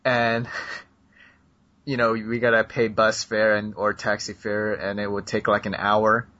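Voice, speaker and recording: A man's voice: fairly low pitch, completely flat delivery, a little slow, pushed and bright. Rambling man with a muffled sound. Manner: rambling, lots of ums and laughs. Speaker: podcast co-host. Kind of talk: casual chat. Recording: dull lo-fi sound.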